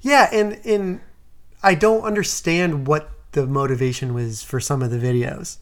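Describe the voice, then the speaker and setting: A woman's voice: low-pitched, measured pace. A woman co-reviewing a movie on a podcast, dropping dry comments and laughing often in casual chat. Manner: dry interjections, frequent laughter.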